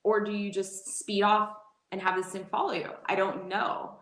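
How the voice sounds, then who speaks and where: Woman guest in her 40s, animated storyteller who laughs easily and restarts her sentences, recorded in a roomy, echoey space. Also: mid-range voice, normal speed. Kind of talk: casual storytelling interview. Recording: echoey room.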